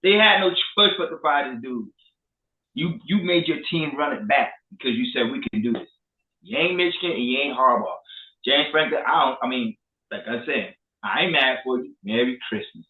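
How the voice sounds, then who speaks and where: A man co-hosting a casual sports talk show, animated and profane. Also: mid-range voice, moderate pace. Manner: animated, profane, trash-talking. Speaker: co-host. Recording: echoey room, phone-like lo-fi.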